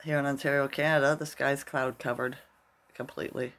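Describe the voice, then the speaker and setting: A man's voice: medium pitch, little pitch movement, fairly quick, fairly bright tone. A middle-aged man vlogging casually, rambling through a story and tagging his sentences with "right?".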